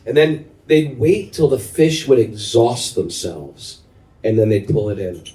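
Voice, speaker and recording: With a medium-pitched, unhurried voice, a middle-aged spiritual teacher leading kirtan talks devotionally to his group. His storytelling is lively and he keeps asking his listeners questions, while the room echo and a distantly placed mic color the sound.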